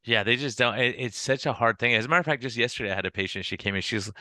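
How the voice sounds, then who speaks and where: A man hosting a podcast as a physician, chatting casually and telling quick anecdotes with asides. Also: mid-range voice, sharp tone, no room sound, studio quality. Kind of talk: casual interview chat.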